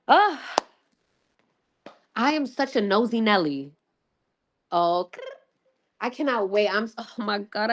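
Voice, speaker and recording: Excitable swearing woman livestream host. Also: medium pitch. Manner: excitable, swears freely, laughs often; rambling with frequent restarts and fillers. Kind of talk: casual livestream chat.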